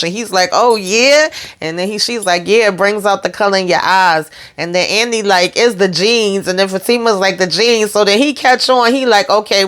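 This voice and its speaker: A woman recapping a TV show in a relaxed, gossipy way. She acts out each character's lines and drops slangy asides. Her voice is smooth and clear, at a middling pitch. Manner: chatty, retells scenes acting out characters' lines; laughs often, slangy asides. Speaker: TV episode recapper. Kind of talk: casual recap vlog.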